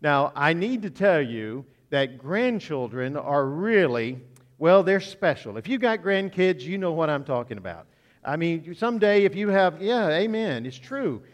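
A man's voice: a little high, sing-song, measured pace, big-room sound. Older man preaching with a folksy humor. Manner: folksy, joking storyteller. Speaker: guest preacher. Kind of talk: sermon. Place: church sanctuary.

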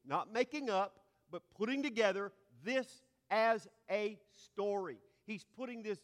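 A man's voice: high-pitched, a bit bright. A man preaching a teaching sermon, often repeating and restarting words before climbing to emphatic peaks. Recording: long hall reverb.

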